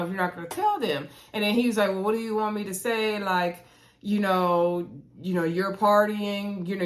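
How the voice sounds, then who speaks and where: A woman hosting a casual reality show recap, chatty and animated, acting out quotes with playful voices. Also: mid-range voice.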